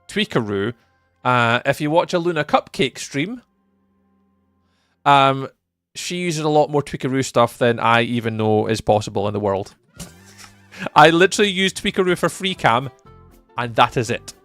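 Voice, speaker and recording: A young Scottish man takes his time on a casual live stream, leaving long pauses as he reads and answers viewer messages. His intonation is lively and slightly bright, with no room sound, and he jumps high in pitch when greeting viewers. There's faint music in the background.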